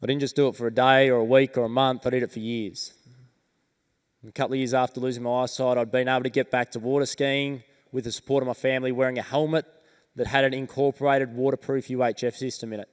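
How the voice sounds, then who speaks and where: An Australian man telling a personal story on stage as a motivational speaker, earnest and measured, with dramatic pauses. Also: medium pitch, level tone, smooth. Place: large event hall stage. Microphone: stage microphone. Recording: reverberant event hall.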